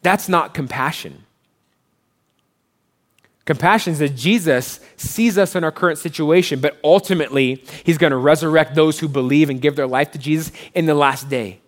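A man preaching as pastor, conversational, rising for emphasis and dropping soft and low to console. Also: normal speed. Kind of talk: sermon.

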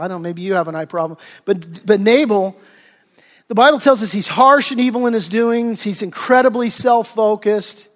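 A man preaching a sermon as pastor, animated, acting out the voices he quotes. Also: extremely high pitch. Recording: long hall reverb.

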